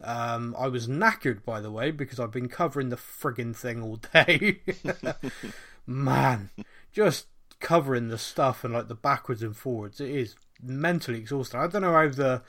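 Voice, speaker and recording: A man's voice: mid-range voice, normal speed, bright, forceful tone. A man from England, hosting a casual podcast chat in a jokey, self-mocking way and laughing often. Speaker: podcast host.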